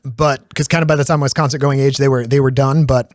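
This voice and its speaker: Fast-talking man hosting a podcast. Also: mid-range voice, no echo, studio quality. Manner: lively, many fillers and restarts, laughs easily. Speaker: podcast host. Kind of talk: casual conversation.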